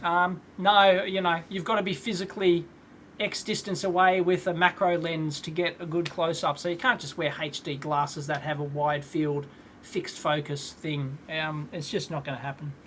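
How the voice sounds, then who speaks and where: A man in his thirties hosting a live electronics Q&A stream from a home workshop, casual and rambling, clearing his throat often. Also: a little high, level tone, normal speed, fairly bright tone, a little hiss or hum. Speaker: electronics video host.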